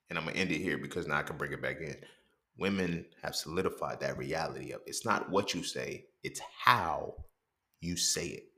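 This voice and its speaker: A man in his thirties talking in a casual monologue for his podcast. He swears freely, uses a lot of slang and jumps into animated quoted exchanges. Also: deep voice. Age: 30s. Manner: slang-heavy, keeps asking "you feel what I'm saying". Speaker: podcast host.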